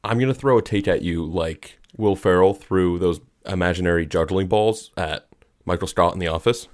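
This young man co-hosts a sports podcast, chatting casually about sports in a laid-back, hesitant way as he thinks out loud. His voice is deep and a little mellow, at a normal speed.

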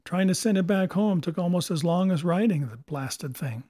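A man reading the part of a gruff male detective with a clipped British accent, in an audiobook. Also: high voice, animated, moderate pace, mellow, no echo, clean studio sound, pitched above the performer's own voice. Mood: irritated.

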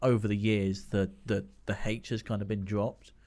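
A man's voice: fairly low pitch, flat delivery, darkish tone. A man who hosts trivia nights, chatting casually on a podcast and laughing between phrases. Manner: newsreader background, measured delivery. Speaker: trivia host.

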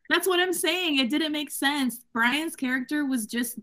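A woman's voice: sits high, a little slow, sharp tone. Emphatic, profane woman hosting a book chat. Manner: profane, emphatic, mocks characters in quoted voices. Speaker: podcast host. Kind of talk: casual book-club chat.

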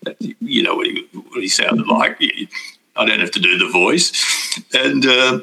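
Older man, gravelly voice, bright tone, casual rambling recollection, chuckles often. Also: medium pitch, sing-song, moderate pace, low-quality recording. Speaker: devotee recalling spiritual experiences.

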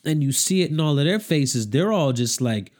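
A man's voice: a little high, lively intonation, moderate pace, a little mellow. A man talking casually about a TV show, rambling and repeating himself, with heavy slang and growing emotion. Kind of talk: casual chat.

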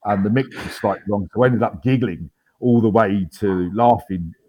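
Low-voiced man telling a story. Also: normal speed, lo-fi sound. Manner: frequent ums and restarts, wry understated humour. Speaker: interview guest, army veteran. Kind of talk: casual storytelling in an interview.

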